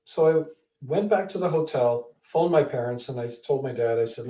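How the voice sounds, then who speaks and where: Animated man telling a story in an echoey room. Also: mid-range voice, normal speed. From Canada. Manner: animated storyteller who acts out quoted people. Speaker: author and guest. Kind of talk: interview storytelling. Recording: echoey room, distant from mic.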